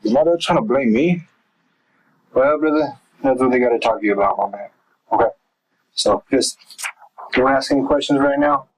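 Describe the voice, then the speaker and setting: A man's voice: medium pitch, moderate pace, pauses often, dry recording, rough recording. A man working as a detective who talks in a blunt, casual, slangy way. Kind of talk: casual talk, archive footage.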